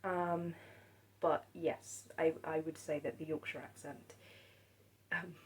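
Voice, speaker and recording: A woman chats on her own about films she loves. She speaks softly and hesitantly, stopping often and restarting her sentences. Her voice sits a little low. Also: little pitch movement, takes it slowly, rough recording. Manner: hesitant, many ums and restarts, soft-spoken. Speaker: film vlogger. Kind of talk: casual monologue about films.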